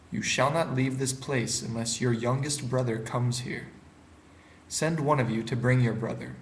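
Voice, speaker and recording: A man reading the part of a stern, powerful man who tests his brothers, in a measured, grave way. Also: mid-range voice, reverberant, a little hiss or hum, natural voice, poor audio.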